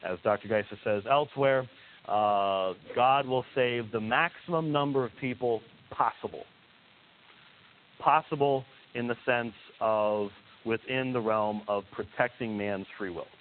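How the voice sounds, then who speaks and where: Tinny lo-fi recording of a male lecturer. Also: on the low side. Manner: emphatic, frequent filler hesitations, repeats key points. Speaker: theology lecturer. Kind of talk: teaching lecture. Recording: tinny lo-fi recording with faint hiss.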